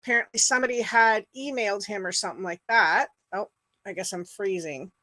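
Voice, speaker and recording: A woman's voice: medium pitch, fairly quick, bright, forceful tone, no room sound. A middle-aged woman hosting a casual livestream, rambling with fillers and greeting viewers by name. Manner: chatty, rambling, full of fillers. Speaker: livestream host. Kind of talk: casual chat with live viewers.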